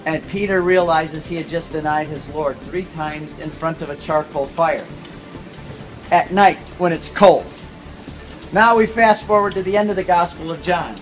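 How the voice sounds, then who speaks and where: A man giving a casual Bible talk to a tour group, telling stories with quick asides and jokes. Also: high-pitched, rough recording. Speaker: pilgrimage tour teacher.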